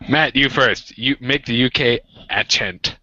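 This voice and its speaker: A man's voice: mid-range voice, steady tone, moderate pace, bright, forceful tone, dull audio, a little hiss or hum. A man from the United States hosting a livestream, joking and rambling in casual group chat. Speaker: livestream host.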